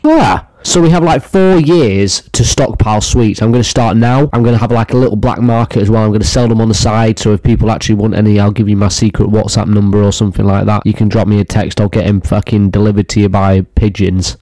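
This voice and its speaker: A man's voice: fairly low pitch, steady tone, fast, hardly any pauses, dark tone, dry recording. Mock-angry man ranting crudely. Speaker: comedy commentary youtuber. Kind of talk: ranting comedic commentary.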